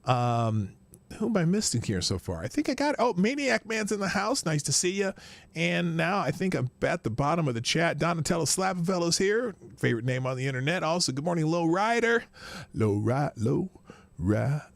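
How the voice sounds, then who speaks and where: A man's voice: a little high, big pitch swings, a little fast, creaky, dry recording. Chatty man hosting a live stream. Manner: rambling, greets viewers by name, chuckles often. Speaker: live-stream morning show host. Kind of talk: casual live-stream chat.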